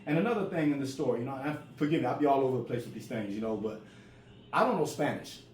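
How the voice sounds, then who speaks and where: A man's voice: medium pitch, expressive, fast talker, a little mellow. Stuttering man in his forties telling stories. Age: 40s. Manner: stutters, repeats words. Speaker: storyteller. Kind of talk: casual storytelling. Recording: roomy with faint ambient noise.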